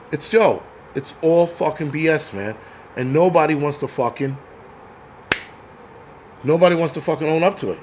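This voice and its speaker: A man rants angrily and crudely as the host of his own stream. His voice sits a bit high for a man. He talks in a blunt, profane, mocking way. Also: normal speed, long pauses, a little mellow, slight background noise. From New York. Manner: angry, crude, mocks others in put-on voices. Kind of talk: profane livestream rant.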